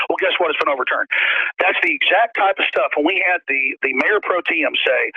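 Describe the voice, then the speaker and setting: A man's voice: a little high, fairly quick, husky, no room sound. A man hosting a talk radio show, ranting in an emphatic, repetitive way with stammered restarts. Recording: dry, tinny phone-like sound.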